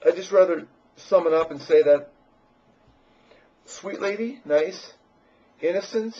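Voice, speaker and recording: Man with a fairly high, husky voice, rambling crudely and boastfully to camera on a dull lo-fi mic. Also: a little slow, mellow. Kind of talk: rambling personal monologue.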